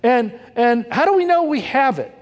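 High-voiced older man preaching in a hall. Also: big pitch swings, moderate pace. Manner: conversational, punny, asks the congregation questions. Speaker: pastor. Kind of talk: sermon.

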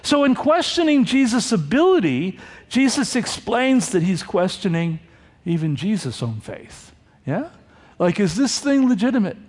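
A man's voice: high voice, unhurried. A man preaching a sermon, teaching verse by verse and acting out the quoted lines. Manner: animated, acts out the quoted lines. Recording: long hall reverb.

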